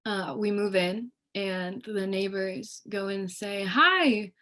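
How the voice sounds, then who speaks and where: A woman's voice: mid-range voice, slow pace. A young woman, a student guest on a panel, telling a personal story in casual speech and acting out other people's voices. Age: young adult. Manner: animated, acts out others' voices in quotes.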